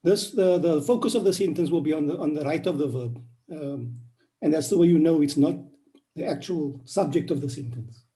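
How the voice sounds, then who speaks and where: A man's voice: fairly high pitch, moderate pace, dark tone. A man, a student, asking his teacher a question politely and hesitantly, restarting his phrases.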